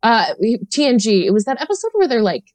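A woman's voice: a little high, fast, no echo. A woman in her thirties, a podcast guest, chatting casually with lots of fillers and laughs. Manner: animated, laughing, many fillers. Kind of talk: casual chat.

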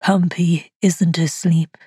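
A ghostly dead man speaks slowly and low through a bad phone line, quietly menacing, as a woman narrator puts him on. His voice is husky and close, with no room around it. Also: level tone, no echo, heavily acted.

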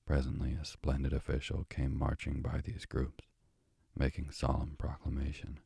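A man narrating a classic novel as a soft, drowsy sleep story. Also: very deep voice, monotone, normal speed, vocal fry, husky, dry recording, studio quality. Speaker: bedtime story reader.

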